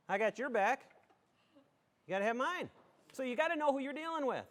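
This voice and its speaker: A middle-aged man from western New York speaks in a rather high voice. He gives a folksy talk to a community audience, joking and emphatic as he makes his points. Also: expressive, fairly quick, long pauses, a bit bright, slight background noise. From southern tier of western New York. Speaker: school superintendent.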